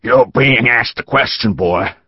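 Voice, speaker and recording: A man's voice: medium pitch, measured pace, husky, no room sound, dull audio, pitched above the performer's own voice. A man voicing a burly, drunk, red-faced bearded male mob ringleader who bellows jeering taunts. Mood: menacing.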